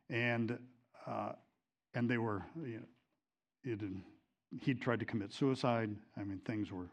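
Middle-aged male Bible teacher, lowish voice, casual storytelling delivery full of ums and restarts. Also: a little mellow, dull audio. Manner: conversational, many fillers and restarts; gets emotional telling a story.

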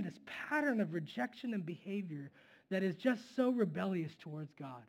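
A man with a notably high voice preaches in a loose, conversational way. He teaches like he's talking with friends and often checks in with the listeners. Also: gravelly. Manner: conversational and relaxed, with asides and questions to the listeners. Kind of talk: casual sermon teaching.

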